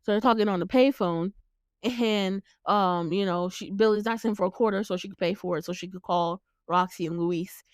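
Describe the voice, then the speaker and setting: Smooth-voiced chatty woman. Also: medium pitch, moderate pace, no room sound, studio quality. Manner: chatty, laughs often, acts out the characters' lines; swears casually. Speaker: podcast host recapping a movie. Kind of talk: casual chat.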